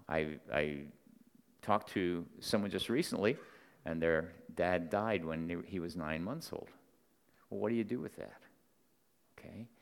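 A man preaching a Sunday morning sermon as pastor, talking conversationally, telling stories and checking in with his listeners. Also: mid-range voice. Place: church sanctuary. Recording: long reverb of a church hall.

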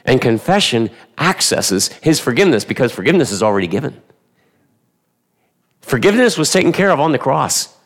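A male pastor giving a sermon in a church, emphatic and animated, firing rhetorical questions at the congregation and repeating his key phrases. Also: mid-range voice, a little fast.

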